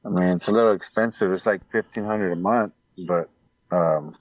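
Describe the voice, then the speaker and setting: Laid-back low-voiced man. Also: moderate pace, no room sound, highs cut off. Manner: laid-back, rambling, hesitant. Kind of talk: casual chat.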